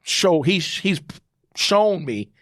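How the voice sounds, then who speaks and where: A man's voice: high voice, big pitch swings, drawn-out words, a bit bright. A man testifying about his life in an interview, repeating and emphasizing phrases like a preacher. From New York. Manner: acts out God's and his son's voices. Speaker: interview guest. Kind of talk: testimonial storytelling.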